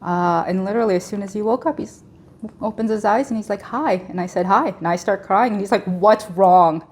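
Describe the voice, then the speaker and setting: A woman in her thirties recounts a personal story as a guest on an interview show. She talks in a lively, animated way, slipping into quoted dialogue and laughing often. Her voice sits at an ordinary middle pitch for a woman. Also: fast, a little hiss or hum.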